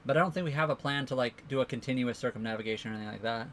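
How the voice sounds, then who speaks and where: A man's voice: mid-range voice, very fast, a little hiss or hum. A man co-hosting a casual livestream, rambling through answers to viewer questions. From Canada. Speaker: livestream co-host.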